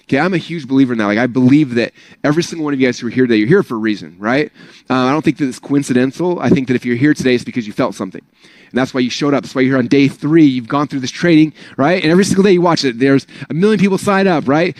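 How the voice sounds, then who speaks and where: Man, motivational talk, rapid, casual rambling, dry close sound. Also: a little high, darkish tone, no room sound. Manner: casual, rambling, full of "like" and "right?". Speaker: speaker at an online business training.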